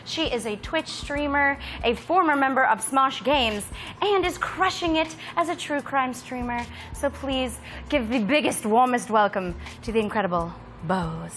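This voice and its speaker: Female craft-show host, bright slightly high voice, playful and giggly, studio setting. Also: slight background noise. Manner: playful, giggly, quick banter. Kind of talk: casual craft show hosting.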